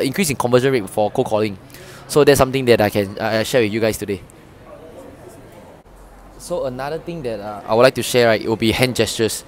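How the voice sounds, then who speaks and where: A man talks straight to camera as a sales trainer. His delivery is easygoing and loose, and he drops in "you know" and "lah" as he goes. His voice sits at an ordinary middle pitch. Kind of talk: casual sales tips to camera.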